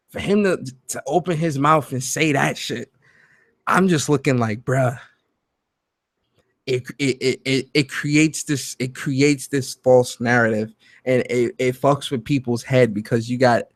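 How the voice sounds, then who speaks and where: A man hosting a live gaming talk show from home, animated and profane, laughing loudly and reading chat messages aloud. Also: mid-range voice, no room sound. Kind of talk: live-streamed commentary chat.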